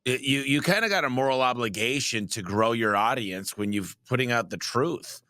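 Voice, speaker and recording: Bright-voiced man hosting a podcast. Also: medium pitch, normal speed, no room sound, studio quality. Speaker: podcast host. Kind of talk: casual podcast conversation.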